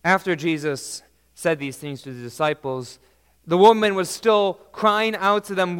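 A male preacher with a high voice delivers a sermon at a slow, deliberate pace. He is emphatic, rising to loud declarations and then dropping soft and low. His words ring out with a long hall reverb. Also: fairly even intonation, clear, resonant tone.

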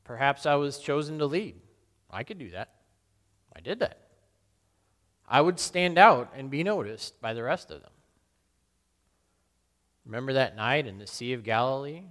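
A man playing the apostle Peter, a burly fisherman full of guilt, in a solemn, halting dramatic monologue. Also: medium pitch, lively intonation, a bit bright. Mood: remorseful. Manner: solemn, halting and self-questioning. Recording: long reverb in a large hall.

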